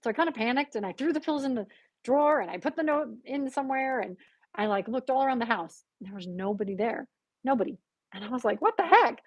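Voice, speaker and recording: A woman guest on a podcast telling a personal story in conversation, animated and acting out the voices she quotes with gasps. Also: on the high side, fast talker, no room sound, lo-fi sound.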